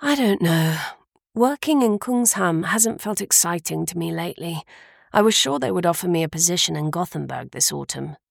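A woman's voice: on the low side, expressive, moderate pace, gravelly, dry recording, clean studio sound, full character voice. A woman reading the lines of a blunt, teasing young policewoman in an audiobook.

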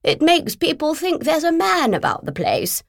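A woman's voice: sits high, wildly swooping pitch, moderate pace, creaky, no echo, clean studio sound, voice pushed up, exaggerated voice. A woman voicing a pushy, overbearing female literary agent who bellows and talks down to people. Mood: confiding.

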